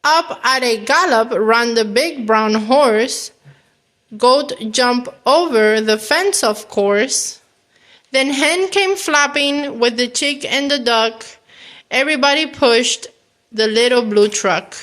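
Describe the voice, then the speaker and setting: A woman reading a children's picture book aloud as a storyteller, gentle and animated, acting out the animal sounds. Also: a little high, slow pace.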